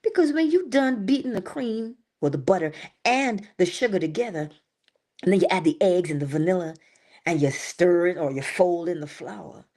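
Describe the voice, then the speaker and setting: A woman hosting an inspirational livestream, talking in a playful, animated way with sudden high exclamations and soft asides. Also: normal speed. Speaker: livestream host.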